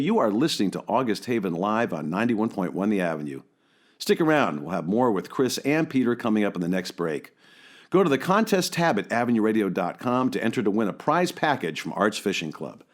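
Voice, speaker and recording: Male radio host, measured announcer read, lively pitch movement. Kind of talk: scripted radio announcing and interviewing.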